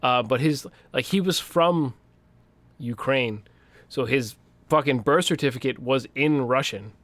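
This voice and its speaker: A young man with a Western Pennsylvania accent, co-hosting a casual podcast chat and telling profane, animated stories full of acted-out quotes. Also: medium pitch, a little slow, no room sound. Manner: profane, animated storytelling, acts out quoted voices. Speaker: podcast co-host.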